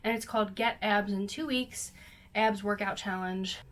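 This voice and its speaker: A woman's voice: mid-range voice, steady tone, moderate pace, fairly bright tone. A young woman chatting casually to her camera in her bedroom, bubbly and self-deprecating. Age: young adult. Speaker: vlogger. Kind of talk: casual vlog chat. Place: bedroom at home.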